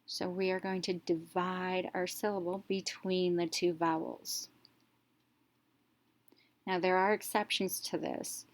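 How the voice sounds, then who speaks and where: A woman teacher narrating a reading lesson, explaining each step slowly and clearly in an instructional voice-over. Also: fairly low pitch.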